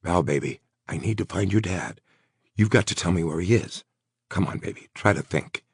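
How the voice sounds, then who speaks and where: Narrator doing a tough protective guy, gravelly, husky, urgent. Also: lowish voice, sing-song, moderate pace, fairly bright tone, no echo, studio quality, voice pushed up, full character voice. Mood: hushed. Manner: urgent, coaxing, swearing when angry. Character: protective tough man, tender to his girlfriend.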